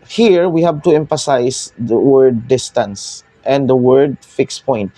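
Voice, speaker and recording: Filipino man teaching math, mellow tone. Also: medium pitch, no echo. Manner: code-switching, explaining step by step with pauses. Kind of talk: whiteboard math lesson.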